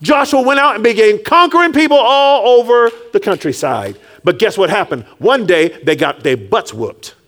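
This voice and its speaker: Animated high-voiced male preacher. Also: normal speed, hardly any pauses. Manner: animated, call-and-response, rises to shouts then drops low; acts out Jesus and Peter in quiet low tones. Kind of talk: sermon.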